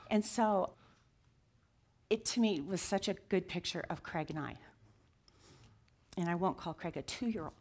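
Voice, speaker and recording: A woman's voice: fairly low pitch, normal speed, long pauses, a little mellow. A woman in her sixties telling her story in an interview, earnest and heartfelt, at times dropping to a near whisper. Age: 60s. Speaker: guest sharing her story. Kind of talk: confessional interview talk.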